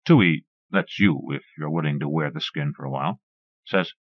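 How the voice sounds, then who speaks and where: A man reading a short story aloud as an audiobook narrator, in a measured, even way. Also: very deep voice, no room sound. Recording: dull lo-fi cassette recording.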